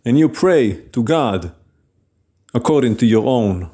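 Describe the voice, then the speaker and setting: A man's voice: medium pitch, lively intonation, unhurried, dark tone. A man preaching an informal sermon in an earnest, plain-spoken, conversational way.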